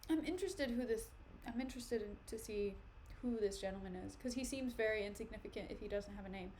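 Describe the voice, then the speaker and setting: Talking fast in a medium-pitched, slightly mellow voice, a young woman streamer reads a play aloud and keeps breaking off to explain it casually, peppering her asides with "like" and "okay." Slight background noise can be heard.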